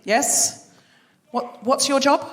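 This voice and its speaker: A woman hosting a live show on stage, bantering and asking the audience questions in a brisk, upbeat way. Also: high voice. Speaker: podcast host. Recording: long hall reverb with audience.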